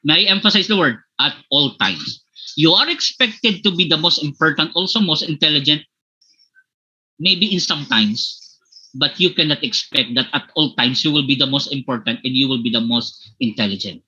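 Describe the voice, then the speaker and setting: Bright, husky Filipino man lecturing online. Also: on the high side, moderate pace, lo-fi sound. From Philippines, Bicol region. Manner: mixes English and Filipino, keeps checking in with "okay?"; addresses listeners as "my dear participants". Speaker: guest speaker on leadership.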